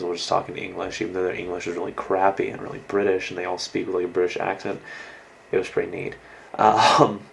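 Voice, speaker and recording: A man's voice: low-pitched, gravelly, slight background noise, poor audio. A young American man rambling through a casual video diary as an exchange student, full of likes and ums and casual swearing. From United States. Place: indoors in a host family's house.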